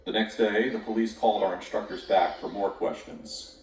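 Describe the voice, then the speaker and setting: Deep-voiced man narrating horror. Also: normal speed, a little mellow, a little hiss or hum. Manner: dramatic, lingering on grim details. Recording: echoey, distant, with music behind.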